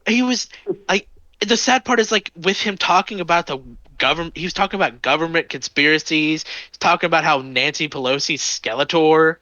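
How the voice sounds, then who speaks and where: A man in his early twenties, a podcast co-host, telling anecdotes in animated, swear-heavy casual chat. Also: a little high, brisk, dry recording, muffled recording. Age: 20s. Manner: animated storytelling, lots of swearing.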